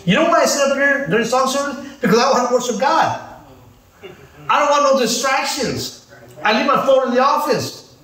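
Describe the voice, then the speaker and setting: A pastor preaches with high, lively inflection, teasing his congregation between points. The recording is distant and echoey, like a church hall heard from the back. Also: normal speed. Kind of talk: sermon.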